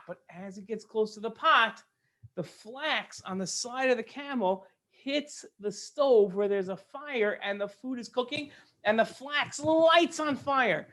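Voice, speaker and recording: A man telling a story to children in a lively, explaining way. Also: sits high.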